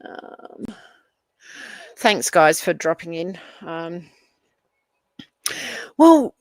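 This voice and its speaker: A woman's voice: lowish voice, sing-song, very slow, no echo. A middle-aged Australian woman hosting a livestream, chatting casually and laughing as she reads viewer comments, swearing freely. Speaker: livestream host.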